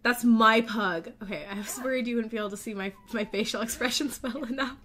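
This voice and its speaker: A young woman giving casual gameplay commentary as a let's play host, gushing and excitable, often gasping. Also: a little high, brisk.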